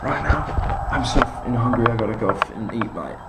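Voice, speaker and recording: A young man putting on a loud, blunt English man who keeps calling people mate. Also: medium pitch, fairly quick, roomy sound, very noisy, voice pushed up, lightly acted. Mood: brash. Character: brash swearing English man, loud and tipsy.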